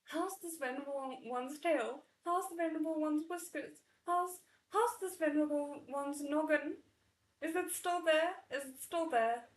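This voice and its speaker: A tiny male paper dragon from a storybook, pompous and melodramatic, forever calling himself venerable, as a woman reads him aloud. The voice sits a touch high and is carried in an echoey room. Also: measured pace, distant mic. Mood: panicked. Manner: pompous, calls itself the venerable one.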